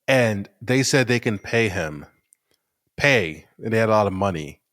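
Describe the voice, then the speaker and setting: A man's voice: on the low side, lively intonation, takes it slowly, a bit bright, no echo, studio quality. A man from Philadelphia co-hosting a podcast, chatting about a film in a laid-back, hesitant way. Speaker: podcast co-host. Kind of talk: casual film review chat.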